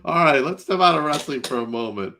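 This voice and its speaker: A man's voice: on the high side, lively intonation, brisk, creaky, pushed and bright, a little hiss or hum. A man hosting a podcast, asking questions in casual chat and laughing along with short replies. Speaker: podcast host.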